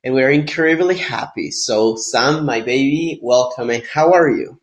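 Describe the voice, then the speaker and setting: A man co-hosting a podcast in casual chat, sounding sick and hoarse, talking in a loose, rambling way. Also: medium pitch, moderate pace. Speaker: podcast co-host.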